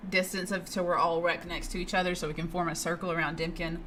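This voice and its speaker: Bright-voiced woman describing her character's moves. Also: on the low side, level tone, fast talker, a little hiss or hum. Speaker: player. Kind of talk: narrating her character's actions.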